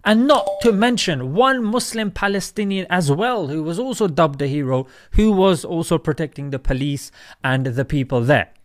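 Animated high-voiced man ranting. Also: moderate pace. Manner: emphatic, with many rhetorical questions. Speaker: commentator. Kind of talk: opinion monologue on current events.

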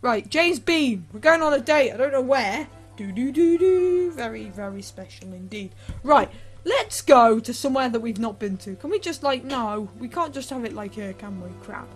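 A woman talks through her gameplay in a high, bright-toned voice, rambling cheerfully and yelping when things go wrong. Soft game music plays quietly behind her desktop mic. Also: moderate pace, husky. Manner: excitable, chatty, breaks into sudden shrieks and humming. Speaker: Let's Play host. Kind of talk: Let's Play gameplay commentary.

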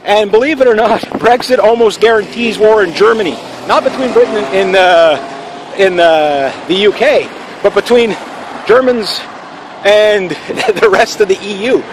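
A man with a notably high voice rambles through a casual opinion vlog in a forceful, opinionated way. He talks outdoors, and faint traffic and city ambience sit in the background. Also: a little slow. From Canada. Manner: assertive, rambling, with fillers and restarts. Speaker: channel host.

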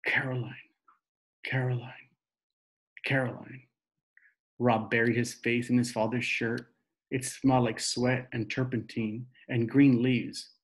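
A man reads a novel aloud in slow, steady narration. His voice sits at a middle pitch, and he takes his time over each line. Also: rough recording. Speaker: reader.

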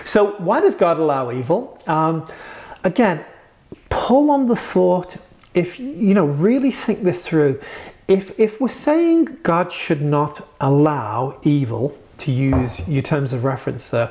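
Male preacher, warm mellow tone, conversational teaching with emphatic peaks. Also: fairly high pitch, very animated, slow. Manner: earnest, conversational, emphatic bursts.

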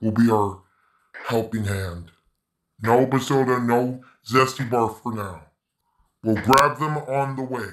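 A man's voice: mid-range voice, takes it slowly, roomy sound, background noise. A man giving let's-play commentary on a game, swearing and venting frustration between plays. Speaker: gaming YouTuber.

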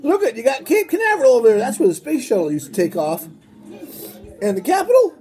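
A woman's voice: high voice, very animated, quick pace, dark tone. A woman giving goofy, exclamatory gameplay commentary and putting on voices for places, with faint music behind.

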